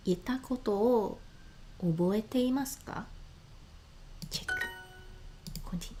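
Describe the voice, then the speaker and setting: A woman streaming casually, sounding out words slowly, often dropping to a murmur or whisper and laughing between phrases. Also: a little high, dark tone, a little hiss or hum. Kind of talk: casual live-stream chat.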